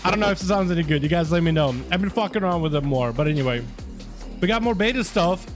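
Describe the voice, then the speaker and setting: A young male gaming streamer with a high voice, talking loosely and swearing freely as he greets his chat. His talk is casual and rambling. Soft music sits quietly behind him. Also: expressive, quick pace. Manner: loose, profane and chatty with viewers. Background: faint music.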